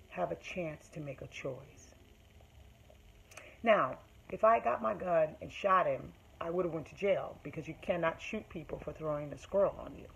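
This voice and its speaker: A woman speaks to her viewers in a low, gravelly voice, telling a personal story. She is emphatic and circles back over her own phrases as she drives her point home. A faint hiss sits under the recording. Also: lo-fi sound. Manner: emphatic, repeats phrases when upset. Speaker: vlogger. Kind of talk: storytime monologue to camera.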